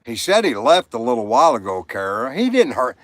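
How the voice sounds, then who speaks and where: The livestream host here has a slightly high voice with huge pitch swings, vocal fry and a bit of brightness, and he speaks briskly. The recording has no room sound, and he rambles casually, reading comments and naming viewers.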